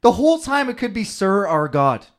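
A man's voice: high voice, big pitch swings, moderate pace. Man reading scripture aloud, then riffing. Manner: reads verses aloud in a raised voice, then riffs loosely. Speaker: podcast co-host reading scripture. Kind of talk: casual comedic chat.

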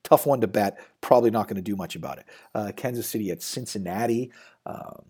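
A man's voice: on the low side, fairly quick, a little mellow, slightly rough. A man hosting a sports betting show, talking loosely and rambling with lots of fillers and restarts. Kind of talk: casual sports betting talk.

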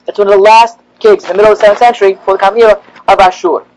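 A man, a rabbi, giving a classroom lecture, animated and rising in pitch as he acts out the prophets' complaints. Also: rapid-fire, a little hiss or hum, poor audio.

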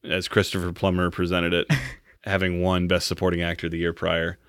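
A podcast co-host retelling a film in a loose, profane and joking way, slipping into the characters' lines. His voice sits fairly low but sounds bright and forceful. The sound is dry and close, with no room around it. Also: completely flat delivery, normal speed, clean tone, dry recording. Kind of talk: casual movie recap chat.

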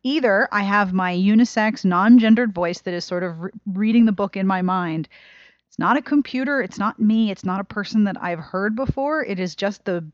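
A woman co-hosting a podcast in casual chat, expressive and self-deprecating. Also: mid-range voice, normal speed, no echo, muffled recording. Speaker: podcast co-host.

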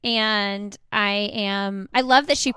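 A woman's voice: mid-range voice, steady tone, slow pace, clear, resonant tone, no room sound, studio quality. A woman hosting a podcast, chatting casually, agreeing with her guest and sharing her own parenting moments. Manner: warm agreeing backchannels, relatable personal asides. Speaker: podcast host. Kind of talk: casual interview chat.

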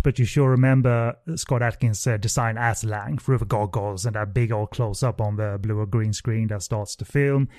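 A man hosting a film podcast, reviewing a movie casually in a halting way with frequent restarts and fillers. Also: mid-range voice, a little mellow, no echo, studio quality. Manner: hesitant, many fillers and restarts. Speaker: podcast host.

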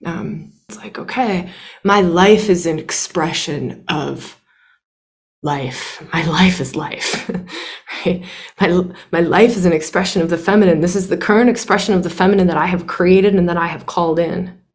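A woman's voice: lowish voice, moderate pace. A young adult woman teaching a workshop, emphatic and blunt, swearing freely and repeating phrases for emphasis. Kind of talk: impassioned teaching talk.

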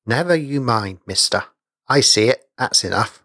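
A man's voice: medium pitch, animated, moderate pace, pushed and bright, no room sound, clean studio sound. A man voicing an old village cobbler, who insists in rustic dialect speech that he saw a ghost. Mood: insistent.

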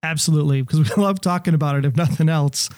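A man's voice: on the high side, fairly even intonation, racing, darkish tone, no room sound, clean studio sound. A man co-hosting a podcast in casual chat. He is talkative and laughs easily. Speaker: podcast co-host.

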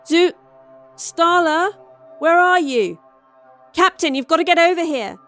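A brash, reckless young scientist woman, put on by a female narrator, yells in a high, loud voice. She is pushy and full of nerve, with faint music underneath. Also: unhurried. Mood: urgent shouting. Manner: loud and shouting.

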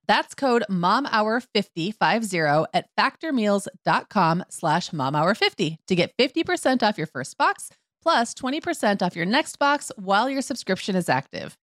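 A woman co-hosting a parenting podcast, reading sponsor copy in a lively, jokey way. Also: mid-range voice, moderate pace, hardly any pauses, no room sound, clean studio sound. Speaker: podcast co-host. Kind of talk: casual podcast chat with read ads.

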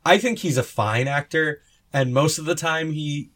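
A man in casual podcast talk about films, offering relaxed, matter-of-fact opinions. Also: a little high, normal speed. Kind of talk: casual film discussion.

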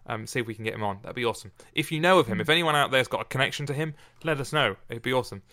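Bright-voiced man hosting a podcast. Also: medium pitch, very fast. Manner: chatty, encouraging, a little fussy about diction. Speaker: podcast host. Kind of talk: casual podcast chat.

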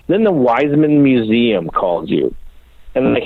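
A man's voice: medium pitch, very animated, normal speed, no echo. A man from the Minneapolis area, a custom bike builder being interviewed, telling stories in a casual, profane, self-deprecating way. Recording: dry phone-like audio.

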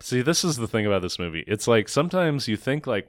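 A man's voice: medium pitch, fast talker, no echo, clean studio sound. A man co-hosting a podcast, recapping a movie in casual, sarcastic chat, swearing and acting out lines. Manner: animated, sarcastic, swears, acts out quotes. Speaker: podcast co-host.

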